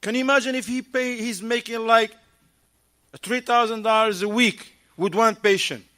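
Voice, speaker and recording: A man giving an animated talk at a mosque, firing rhetorical questions at the audience and acting out short dialogues. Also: extremely high pitch, normal speed. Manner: acts out little dialogues in shifting voices. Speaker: mosque lecturer. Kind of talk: lively mosque talk on marriage.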